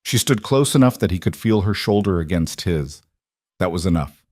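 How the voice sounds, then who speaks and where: A man giving measured, deliberate scripted narration of a crime drama. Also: low voice, animated, a little mellow, no echo, clean studio sound.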